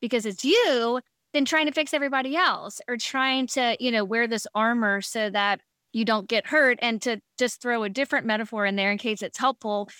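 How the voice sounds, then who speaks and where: High-voiced blunt woman giving advice. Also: clear, resonant tone, dry recording, studio quality. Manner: animated, acts out voices of others. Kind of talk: podcast conversation.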